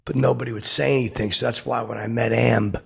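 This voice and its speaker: A man's voice: medium pitch, steady tone, fast talker, heavily acted. A man playing a rambling, starstruck oddball who tells awkward celebrity stories in a comedic character podcast monologue. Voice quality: gravelly, husky voice. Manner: meandering, awkward storytelling with nervous asides.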